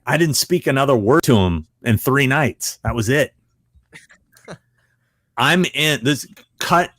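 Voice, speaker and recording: A man with a somewhat low voice, recorded dry and close with no room sound. He tells stories casually as a podcast guest. He acts out the dialogue in them and laughs along as he goes. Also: no echo. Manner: animated storyteller who acts out quoted dialogue; laughs often while telling stories. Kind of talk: casual anecdote storytelling.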